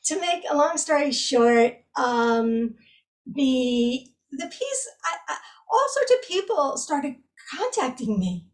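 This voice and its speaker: High-voiced woman, chatty and distant. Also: very animated, slow pace. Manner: chatty, with many fillers and self-corrections. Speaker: researcher guest. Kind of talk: conversational interview.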